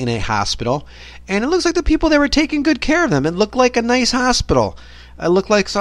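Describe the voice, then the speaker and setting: A man's voice: medium pitch, a bit bright, no room sound. A man hosting his own podcast, ranting in a rambling solo monologue full of swearing and exasperation. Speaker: podcast host.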